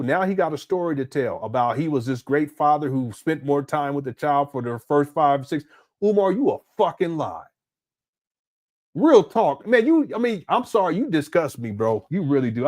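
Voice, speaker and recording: A man's voice: a little high, darkish tone. A man hosting a reaction commentary, incredulous and indignant, laughing often. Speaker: commentary channel host.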